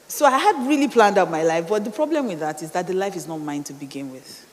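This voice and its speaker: A woman's voice: on the low side, expressive, fast, few pauses, a little hiss or hum. A middle-aged woman with a Nigerian accent, telling a personal story in a dramatic sermon style full of rhetorical questions. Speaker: speaker. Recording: reverberant hall.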